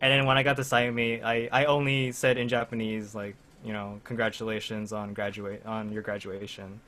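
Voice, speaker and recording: A man's voice: on the low side, little pitch movement, moderate pace, bright, forceful tone. A young man casually chatting with friends on a podcast, rambling through a story with lots of fillers and laughter. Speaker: podcast co-host. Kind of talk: casual chat among friends.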